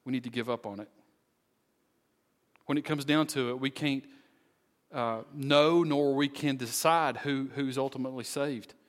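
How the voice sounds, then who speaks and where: A man preaching as pastor at the end of a sermon, earnest and pleading, with slow, deliberate phrasing. His mid-range voice rings with the long reverb of a church sanctuary. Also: mid-range voice, fairly even intonation. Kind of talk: sermon closing and prayer.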